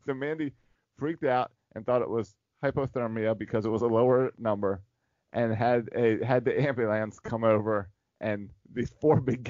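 A man's voice: on the low side, a little mellow, no room sound, highs cut off. A man co-hosting a casual podcast chat, telling a long story with frequent laughs and filler words. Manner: rambling storyteller, laughs often. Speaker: podcast co-host.

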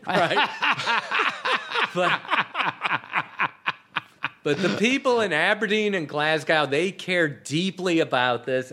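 A man's voice: fairly high pitch, bright, forceful tone. A man guest in an interview, telling anecdotes and acting out quoted dialogue, laughing often. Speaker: guest, TV comedy writer. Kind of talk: casual storytelling in an interview. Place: apartment.

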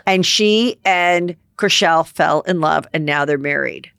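A woman hosting a casual gossip podcast, telling stories in a chatty, animated way. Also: low-pitched, a little slow, gravelly, smooth, no echo, studio quality. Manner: chatty, animated storytelling with playful put-on voices. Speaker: podcast host.

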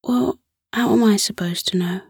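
A woman voicing a small, practical and polite male bunny in a breathy, half-whispered bedtime voice, as whispered role-play. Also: mid-range voice, normal speed, darkish tone, no room sound, clean studio sound, pitched above the performer's own voice. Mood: polite, eager.

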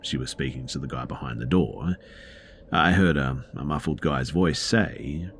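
A man with a very deep, gravelly voice reads true horror stories aloud in a calm, unhurried storytelling manner. There is a faint hiss of noise underneath. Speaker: narrator reading submitted stories. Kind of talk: scripted horror story narration.

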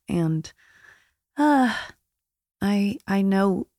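Gravelly low-voiced woman host. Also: a little mellow, dry recording, studio quality. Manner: tearful, halting, emotional. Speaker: podcast host. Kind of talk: solo intro monologue. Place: recording studio.

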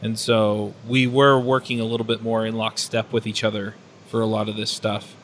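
A man talking through his team experience on a tech podcast in a relaxed, thoughtful way, often pausing with fillers. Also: lowish voice, a little hiss or hum. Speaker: podcast panelist. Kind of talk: casual technical discussion.

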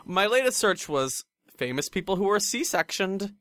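A giggly podcast co-host who rambles through stories, with pitch swinging widely from low to high. The voice sits close and dry on the mic. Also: big pitch swings, moderate pace, fairly bright tone, dry recording. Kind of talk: casual chat.

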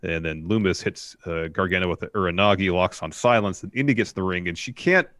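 A man co-hosting a casual livestream, recounting a wrestling match move by move in a steady run-on way. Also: low voice, brisk, no room sound, studio quality. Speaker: co-host.

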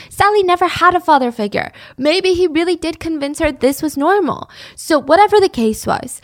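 A woman narrating a true crime case in a casual, conversational way, with blunt opinionated asides. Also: sits high.

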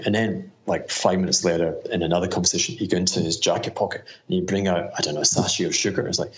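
A man telling a casual anecdote, chuckling and animated. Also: low-pitched, fast talker, few pauses. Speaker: recorded guest question.

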